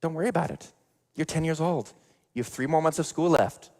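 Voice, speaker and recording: A man's voice: very animated, moderate pace, a little mellow, breathy edge, heavily acted. A man putting on a curt, dismissive mom. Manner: curt, impatient, raised pitch. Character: dismissive mother brushing off her son. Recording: long church reverb.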